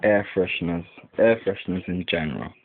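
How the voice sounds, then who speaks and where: A man's voice: low-pitched, a little fast, a little hiss or hum. A young man, rambling casually to the camera at home, full of "like" and swearing. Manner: rambling, heavy use of "like", lots of swearing. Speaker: vlogger. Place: indoors at home by a window. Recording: tinny lo-fi webcam audio.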